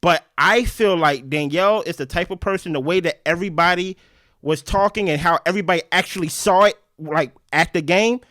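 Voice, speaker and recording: A man breaks down a game strategy in a casual recap chat. He talks fast and animated, dropping "right?" as he goes, in a fairly high voice. The recording is close and dry. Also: no room sound. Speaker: podcast co-host.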